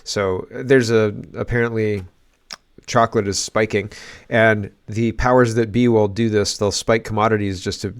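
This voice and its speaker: A man's voice: on the low side, fairly even intonation, normal speed, clear, resonant tone. A man hosting a casual political commentary show, exclaiming and rambling in disbelief.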